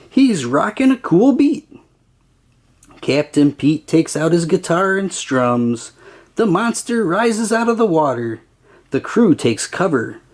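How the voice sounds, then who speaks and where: Slow, expressive children's story reader. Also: mid-range voice. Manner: slow, expressive, sing-song. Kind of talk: children's read-aloud narration.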